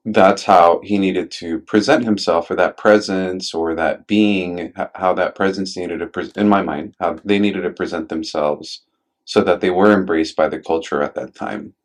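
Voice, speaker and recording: A man hosting a casual chat, asking curious questions and rambling through his thoughts. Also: low voice.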